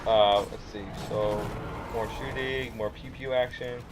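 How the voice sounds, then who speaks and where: A man's voice: on the low side, fairly even intonation, a little slow, background noise. A man giving a casual, rambling play-by-play commentary over his own gameplay footage. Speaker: gamer, channel host. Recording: game sounds behind the voice.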